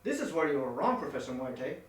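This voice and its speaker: A man voicing an earnest, literal-minded masked wrestler hero with a deadpan delivery. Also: mid-range voice, quick pace, lightly acted. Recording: echoey room, distant mic.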